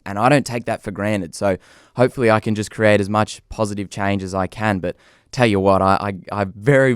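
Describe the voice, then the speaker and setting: A young Australian man speaks in a studio as a guest, his voice smooth and clear, a little low for a man. He sounds upbeat and enthusiastic. The sound is close and dry. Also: no echo. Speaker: conservationist guest. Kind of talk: radio interview answers. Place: radio studio.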